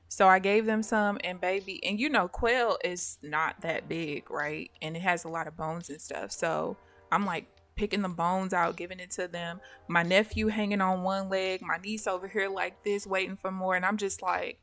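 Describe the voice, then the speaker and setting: A woman host of a live stream, telling a casual story to her chat in an animated way, laughing often and acting out the voices of the people she quotes. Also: medium pitch, normal speed, soft background music.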